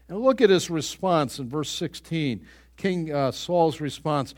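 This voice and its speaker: A man preaching a sermon, reading scripture aloud with earnest emphasis and pausing to find passages. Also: expressive. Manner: earnest, rises in pitch and volume on emphatic scripture lines.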